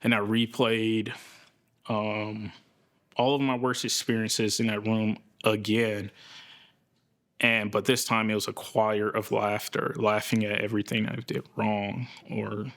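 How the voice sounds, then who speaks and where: A man speaks in a documentary interview, slow and halting, often pausing to find the right word. His voice sits low and his pace is unhurried. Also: flat delivery, a bit bright. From United States. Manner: slow, halting, searching for words. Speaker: interviewee recounting a psychosis episode.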